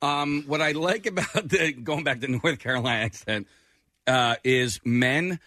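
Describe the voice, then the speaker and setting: A man's voice: mid-range voice, measured pace, sharp tone, no echo. A man who is a regular on a radio show, talking casually and hesitantly while searching for his words.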